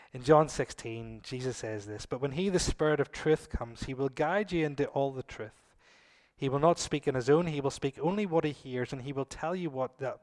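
Man, middle-aged, preacher, sermon, animated, loud emphatic lines and soft asides. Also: mid-range voice.

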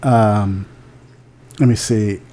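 A man's voice: lowish voice, fairly even intonation, very slow, mellow. A man co-hosting a podcast, chatting casually and bluntly about film award nominations, with lots of restarts and casual swearing. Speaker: podcast co-host.

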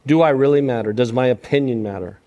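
An older man giving a sermon on parenting, sappy and self-deprecating, moving between loud emphasis and hushed lines. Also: medium pitch, quick pace, muffled recording. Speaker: guest speaker on parenting.

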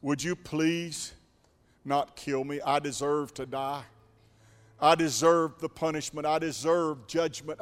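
A man playing a guilty man who pleads softly and humbly for forgiveness, in an echoey hall. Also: fairly high pitch, close to an everyday voice.

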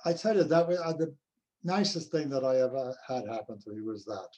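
An older male actor reminiscing in an interview, telling anecdotes in an unhurried way. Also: mid-range voice, expressive, mellow, highs cut off. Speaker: actor guest.

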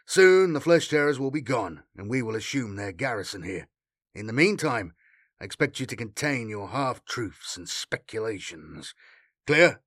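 A man's voice: medium pitch, big pitch swings, normal speed, a bit bright, no echo, clean studio sound. A man voicing a stern, commanding sergeant who barks orders, in an audiobook reading. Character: stern male armored sergeant, commanding and quick-tempered. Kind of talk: audiobook character voice.

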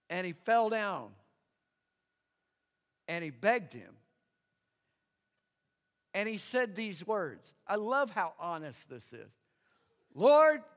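High-voiced pastor in a reverberant hall. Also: male voice, fairly bright tone. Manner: emphatic, engages congregation with call-and-response. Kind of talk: sermon.

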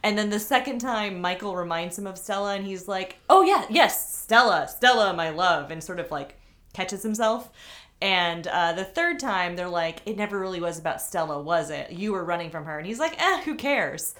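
A woman's voice: on the low side, fairly quick, a bit bright. A woman co-hosting a casual podcast chat, talking in an effusive, gushing way. Her sentences run on, full of "like" fillers, as she shares strong feelings. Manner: effusive, gushing, heavy use of "like". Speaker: podcast co-host.

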